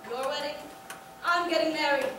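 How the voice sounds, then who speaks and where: A woman's voice: sits high, steady tone, moderate pace, close to an everyday voice. A young woman playing a tipsy, theatrical chaperone with a languid, grand manner on stage. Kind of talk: stage musical acting. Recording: echoey auditorium, distant mic, noisy.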